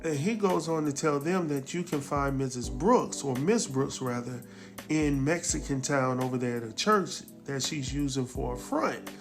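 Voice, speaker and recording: A man recapping a TV episode in a casual, animated way, exclaiming and chuckling as he talks straight to his viewers. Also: mid-range voice, moderate pace, over music.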